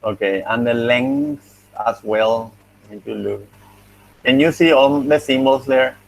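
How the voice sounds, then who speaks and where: Slow, patient male teacher on a video call. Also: mid-range voice, creaky, low-quality recording. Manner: patient, encouraging, thinks aloud. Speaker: university phonetics teacher. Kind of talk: online class feedback.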